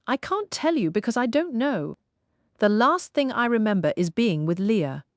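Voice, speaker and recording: A woman's voice: fairly high pitch, big pitch swings, measured pace, darkish tone, no room sound, pitched above the performer's own voice. A woman voicing a bewildered young woman whose voice wavers and catches, breathless and close to tears. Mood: shaken.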